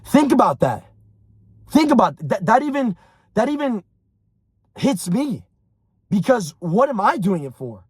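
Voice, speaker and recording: A young man giving a blunt, intense motivational monologue, swinging from mocking mimicry to shouting. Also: sits high, very animated, a little slow, pauses often, husky, dry recording. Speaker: motivational speaker.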